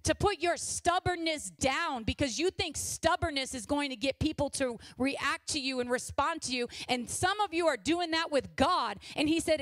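A high-pitched woman in her forties preaches with fervent, exhorting energy, leaning in with loud urging and then dropping to a hushed, confessional tone. Her voice sits close and dry, with almost no room sound around it. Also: animated, moderate pace, few pauses, no echo. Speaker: pastor's wife preaching. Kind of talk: sermon.

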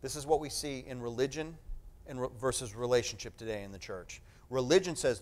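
A male pastor preaching a sermon, reading scripture aloud with emphatic, dramatic stress and slowed-down key phrases. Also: medium pitch, a little mellow.

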